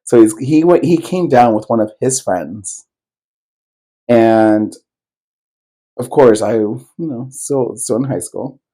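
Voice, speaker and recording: A man's voice: medium pitch, slow pace, pauses often, dark tone, poor audio. A man co-hosting a podcast, telling a personal story in loose, rambling casual chat, full of fillers and swearing. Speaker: podcast co-host.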